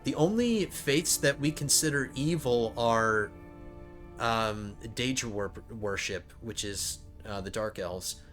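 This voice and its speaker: A man's voice: mid-range voice, slow pace, a bit bright, faint music behind. A man hosting a strategy game let's play, thinking aloud and often stumbling over his words. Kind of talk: casual gameplay commentary.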